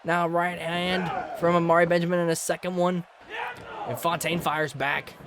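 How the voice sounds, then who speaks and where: A man calling a wrestling match play-by-play, energetic and often shouting. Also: fairly high pitch, normal speed, a crowd in the background, background noise. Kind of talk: excited play-by-play commentary.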